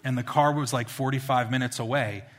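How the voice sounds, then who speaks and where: A man preaching a sermon as a pastor, telling stories in an animated, conversational way. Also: medium pitch, fairly quick.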